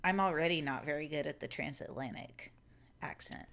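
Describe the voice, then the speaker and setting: A woman's voice: sits low, moderate pace, vocal fry, a bit bright. A woman co-hosting a podcast, chatting casually and laughing. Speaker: podcast co-host. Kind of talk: casual chat.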